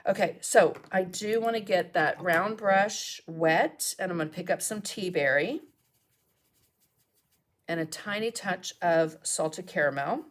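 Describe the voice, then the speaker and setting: A woman's voice: fairly low pitch, unhurried, slight background noise. A chatty middle-aged woman teaching a live painting lesson, talking viewers through each brush step. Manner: chatty, greets viewers and coughs and laughs between steps.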